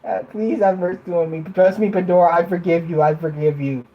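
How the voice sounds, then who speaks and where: A woman's voice: on the low side, steady tone, lo-fi sound. A woman hosting a casual livestream from her bed, giggling between lines and often stopping to restart her sentences. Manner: halting, restarts a lot. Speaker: livestream host.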